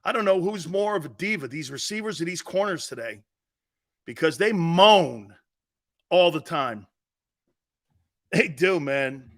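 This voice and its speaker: Man, sports talk host, brash, blunt, forceful bright voice. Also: fairly high pitch, animated, moderate pace. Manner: brash, blunt, trash-talking, repeats points with "Okay?".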